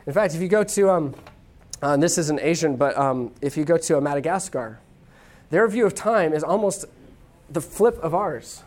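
This US lecturer's mid-range voice is a little mellow, with lively intonation. The talk is an informal classroom session delivered chattily, full of quick asides and checks such as "okay?".

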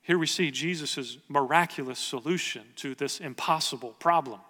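A man's voice: fairly high pitch, normal speed, bright, forceful tone, long reverb tail. A man preaching a sermon as pastor, earnest and conversational, asking the congregation rhetorical questions.

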